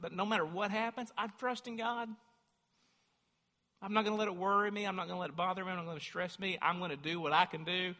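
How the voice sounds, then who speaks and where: A man's voice: fairly high pitch, pushed and bright. A man preaching a sermon as a pastor, speaking with fervent emphasis that rises into emphatic declarations. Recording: long hall reverb.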